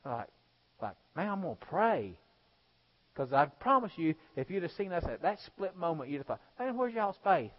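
A male pastor preaching a sermon, swinging between loud exhortation and hushed storytelling. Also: on the high side, sing-song, normal speed. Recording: dull lo-fi sound.

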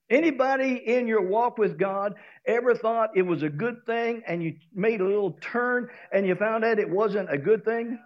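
Man, Southern preacher, high and lively voice, storytelling sermon, dull lo-fi recording. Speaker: pastor.

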